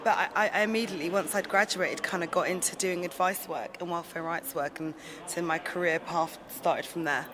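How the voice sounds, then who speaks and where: A woman's voice: on the low side, fairly even intonation, brisk, crowd noise. A woman giving earnest interview answers who often restarts her words, recorded in a large indoor lobby with people talking in the background. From England. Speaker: interview guest. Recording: noisy public lobby.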